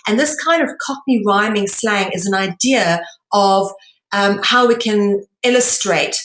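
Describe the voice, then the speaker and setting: A woman from South Africa giving a lecture-style presentation, explaining in a measured way with frequent pauses and ums. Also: mid-range voice, fairly bright tone, reverberant, low-quality recording.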